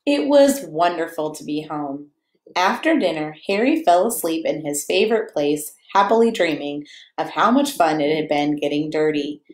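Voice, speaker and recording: A woman reading a picture book aloud to children in a playful, animated way, chatting to them and to her dog between pages. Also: low voice, normal speed. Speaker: children's story reader. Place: church or home room, echoey. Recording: echoey room.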